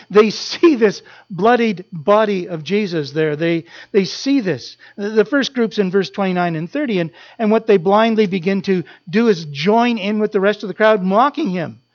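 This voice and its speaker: A preacher delivering a sermon with impassioned repetition, building up and falling to a hush. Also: mid-range voice, muffled recording. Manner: impassioned, repetitive, swelling then dropping to a hush.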